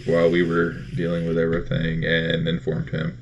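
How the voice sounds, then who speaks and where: A man with a very low voice chatting casually as co-host. He tells stories loosely and animatedly, acting out what others said. The audio is dull and lo-fi. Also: moderate pace, creaky. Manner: animated storyteller, acts out quotes. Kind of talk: casual chat.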